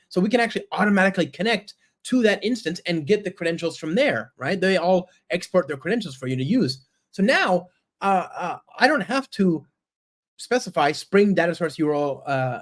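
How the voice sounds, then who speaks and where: Man, conference speaker, live coding, higher-pitched voice, eager and talkative, frequent "right?" and "okay?" checks. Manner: enthusiastic and chatty, with frequent "right?" and "okay?" to the audience; talks while typing code aloud. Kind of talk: live-coding technical presentation.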